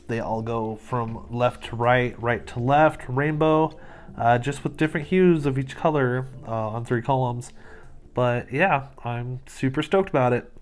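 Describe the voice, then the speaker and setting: An upbeat man talks casually through his art vlog at a mid-range pitch, chatty and quick to laugh. Soft music plays faintly underneath. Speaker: artist and channel host.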